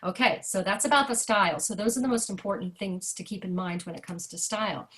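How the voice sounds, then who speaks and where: Woman, jazz vocal teacher, video-call workshop, lively and hands-on. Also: medium pitch, quick pace, a little hiss or hum. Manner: chatty, animated, sings rhythm syllables to demonstrate. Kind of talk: online workshop lesson.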